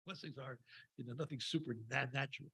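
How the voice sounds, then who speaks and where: Speaking fast with a bright, forceful, steady tone, a man with a mid-range, slightly rough voice gives a Torah talk at a Shabbat service. His retelling of a scripture story is informal and digressive, peppered with fillers and wry asides, on poor audio.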